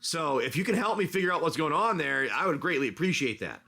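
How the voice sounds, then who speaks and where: A man's voice: on the high side, big pitch swings, quick pace, vocal fry, pushed and bright, exaggerated voice. A man voicing a poor little ghoulish male potato farmer in a tabletop-style game, friendly and pleading in a raised voice.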